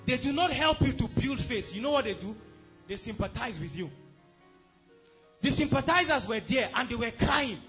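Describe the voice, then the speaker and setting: A man's voice: very high-pitched, a bit bright. A male pastor preaching a sermon, emphatic, who keeps asking the congregation whether they are following.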